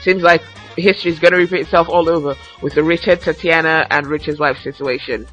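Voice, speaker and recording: Bright, chatty woman podcaster. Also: deep voice, brisk, slightly rough, faint music behind, rough recording. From Nigeria. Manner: lively, chatty, laughs a lot. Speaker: podcast host. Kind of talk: casual solo podcast chat, reading fan tweets.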